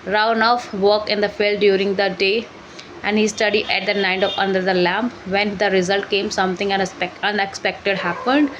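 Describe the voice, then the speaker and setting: A woman reading a story aloud for shadowing practice, halting and correcting herself as she goes. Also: medium pitch, steady tone, dull audio, a little hiss or hum. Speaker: English learning channel host.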